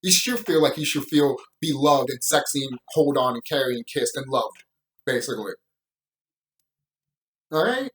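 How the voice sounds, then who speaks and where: A man's voice: medium pitch, lively intonation, normal speed, pauses often, fairly bright tone, low-quality recording. A man giving a casual, profane opinion commentary on a show, ranting with bursts of laughter. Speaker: YouTube show reviewer.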